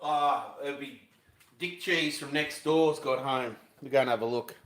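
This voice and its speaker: A man's voice: mid-range voice, unhurried, fairly bright tone. A man hosting a casual live-stream cooking chat, rambling along, talking to himself and his viewers with cheeky jokes. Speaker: fishing channel host. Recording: echoey room.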